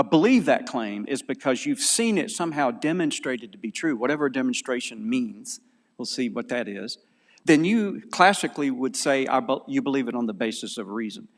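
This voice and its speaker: A man with a Southern American accent giving an animated, digressive conference lecture, often correcting himself mid-sentence. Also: mid-range voice. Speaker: conference speaker. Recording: long hall reverb.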